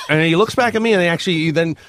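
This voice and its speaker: A podcast host with a slightly high voice rambles through a story, full of filler words and deadpan asides. The recording is close and dry. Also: male voice, quick pace, dry recording. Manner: rambling, hesitant, deadpan jokes. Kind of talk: casual chat.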